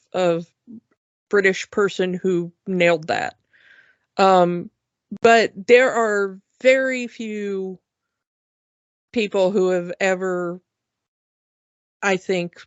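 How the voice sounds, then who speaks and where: A woman co-hosting a podcast, telling stories in a chatty, unhurried way with fillers. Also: mid-range voice, no room sound. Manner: chatty, drawn-out storytelling with fillers. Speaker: podcast co-host. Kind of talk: casual podcast chat. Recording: dull lo-fi podcast mic.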